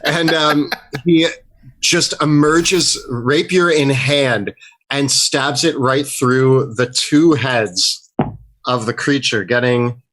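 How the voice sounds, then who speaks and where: A man at a tabletop game, describing his character's moves and thinking aloud between rolls. He talks slowly, and his voice sounds bright. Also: medium pitch. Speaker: player.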